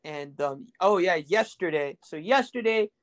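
A man's voice: high-pitched, animated, a little slow. Rambling young man telling stories. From Rio Grande Valley, Texas. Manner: rambling, crude, joking, full of fillers. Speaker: podcast host. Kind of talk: casual storytelling podcast.

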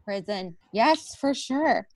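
A woman's voice: on the high side, expressive, takes it slowly, darkish tone, dry recording. Blunt woman in a dry, close room. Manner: blunt, agreeable, short reactions. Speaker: podcast co-host. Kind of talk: casual chat.

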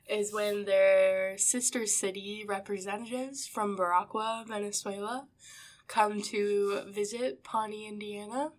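A woman co-hosting a comedy podcast, giggly and excitable, laughing often. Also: mid-range voice, a little slow. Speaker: podcast co-host.

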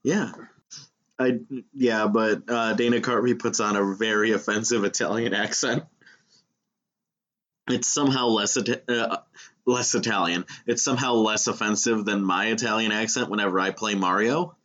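A man's voice: fairly low pitch, steady tone, normal speed, fairly bright tone, dull audio. A man co-hosting a casual podcast, joking and swearing as he talks about a film. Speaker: podcast co-host.

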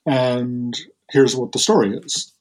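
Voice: mid-range voice, slow pace, a little mellow, poor audio. A host retelling a Greek myth in casual, chatty conversation, with fillers and laughter. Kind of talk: casual storytelling.

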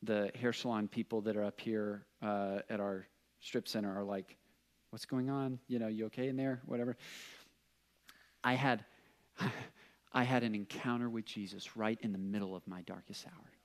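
A man's voice: fairly low pitch, fairly even intonation, normal speed. Earnest young man preaching a personal story. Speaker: pastor. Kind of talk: sermon.

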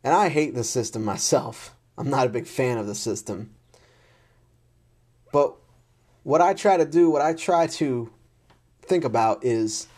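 An exasperated man rants unscripted to camera in a mid-range, darkish voice, blunt and frustrated, swearing heavily and saying the same things over and over.

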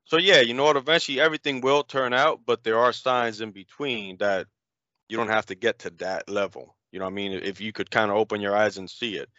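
A man's voice: on the low side, fairly even intonation, brisk, bright, forceful tone, no room sound, muffled recording. A man in a casual conversation, musing in a rambling, reflective way and often saying "you know".

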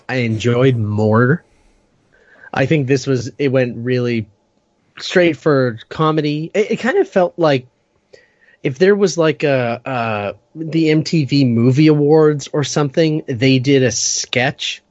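A man's voice: mid-range voice, no room sound. Male co-host, thoughtful casual talk; dry, muffled recording. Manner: measured, hesitant, fillers. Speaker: podcast co-host. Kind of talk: casual chat.

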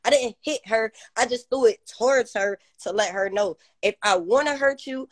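A woman's voice: a little high, moderate pace, dry recording, studio quality. A woman in casual chat, talking bluntly and with profanity and reacting with short interjections.

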